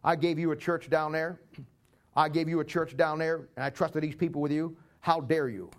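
Man doing a scolding indignant male God, mock-outraged, somewhat high voice. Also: steady tone, moderate pace, lightly acted. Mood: mock outrage. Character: angry scolding God, mocked as sarcastic male deity.

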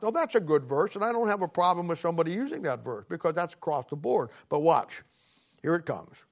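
A man's voice: fairly high pitch, sing-song, brisk. A man preaching a sermon, telling a story with a sarcastic, folksy humor and reading scripture aloud.

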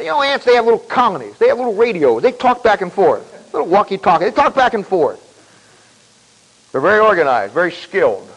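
A man preaching a sermon in a folksy, emphatic way, repeating himself and clearing his throat often. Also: high-pitched, low-quality recording.

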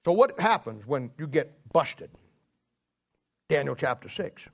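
A middle-aged man preaching a sermon, acting out a story with lively storytelling. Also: a little high, unhurried, creaky, breathy edge. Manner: animated storytelling, acting out scenes.

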